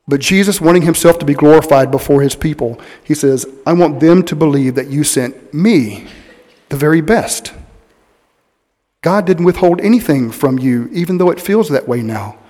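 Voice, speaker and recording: A male pastor delivers a sermon in a church, his voice slightly higher than most men's. He is earnest and leans on key words slowly, and long reverb from the hall trails each phrase. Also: darkish tone. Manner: earnest preaching with slow, weighty emphasis. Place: church sanctuary.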